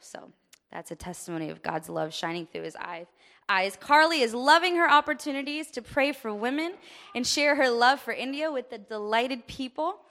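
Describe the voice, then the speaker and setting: A woman reading mission updates aloud to a congregation. She speaks softly and conversationally, stumbling lightly over a few words, in a mid-pitched voice. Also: gravelly. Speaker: church member sharing mission updates.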